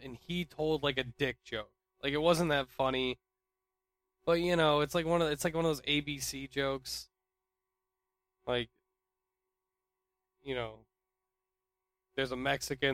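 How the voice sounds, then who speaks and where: A young man casually rambling through an anecdote, restarting sentences and swinging between loud bursts and near mumbles. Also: mid-range voice, no echo. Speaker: storyteller.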